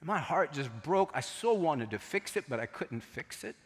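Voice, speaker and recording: A middle-aged man preaching a sermon, telling a story in an animated, joking way. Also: fairly high pitch, moderate pace. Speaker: pastor. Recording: long echo of a large hall.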